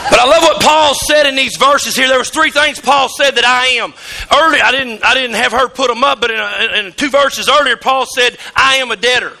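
A middle-aged man preaches from the pulpit in a church, his voice strikingly high and gravelly. He drifts into homespun stories and then climbs to shouts. A faint hiss sits under the recording. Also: brisk. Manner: folksy storytelling, rising to shouts. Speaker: pastor. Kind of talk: sermon. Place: church sanctuary.

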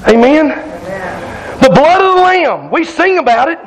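A man preaching a fiery sermon, loud and hollering, calling out to his congregation in a church. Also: very high-pitched, sing-song, measured pace, a crowd in the background, poor audio. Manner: loud, hollering Southern-style preaching with call-outs to the congregation. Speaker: pastor.

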